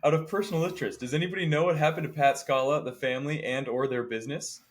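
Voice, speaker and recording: A man co-hosting a casual podcast, telling stories in an animated way and mimicking the people he describes. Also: a little high, fast talker. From Indiana. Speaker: podcast co-host. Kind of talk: casual chat.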